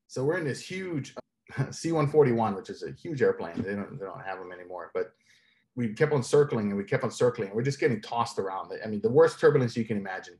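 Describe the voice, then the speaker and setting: Animated man telling stories. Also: lowish voice, brisk. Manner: animated, laughs often while telling stories. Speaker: interview guest. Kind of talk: casual storytelling interview.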